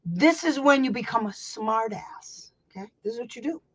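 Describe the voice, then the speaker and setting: A woman's voice: a little high, expressive, normal speed. A woman hosting a casual teaching chat as a special education advocate. She rambles, laughs a lot, and talks bluntly with some salty language. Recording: slightly dull lo-fi sound.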